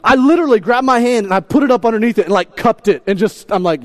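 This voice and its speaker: A man in his thirties preaching a sermon, telling a story in an animated, self-deprecating way and often repeating his words. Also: sits high, quick pace, hardly any pauses. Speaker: pastor.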